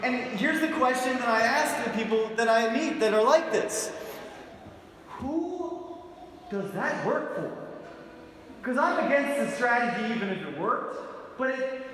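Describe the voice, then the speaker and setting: A man's voice: very high-pitched, expressive, measured pace, long pauses, a bit bright. A man preaching a conversational sermon as pastor, telling stories with jokes and asking his congregation questions. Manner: joking, storytelling, asks the congregation questions. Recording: echoey church hall with long reverb.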